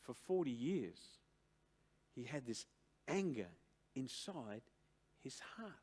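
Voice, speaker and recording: An older man preaching a sermon to a church congregation, slow and emphatic, with dramatic pauses and big swings between loud and soft. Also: mid-range voice, sing-song. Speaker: pastor. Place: church service.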